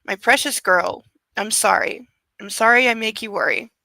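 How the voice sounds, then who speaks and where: A brooding young man apologizes to his lover in a subdued, low-key voice, as a woman reads him. The voice is bright and crisp. The sound is close and dry. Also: normal speed, dry recording. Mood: apologetic.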